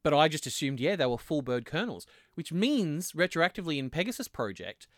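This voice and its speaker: A man's voice: fairly high pitch, sing-song, brisk, no echo, studio quality. A man co-hosting a podcast in casual chat, thinking aloud and rambling with lots of fillers. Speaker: podcast co-host.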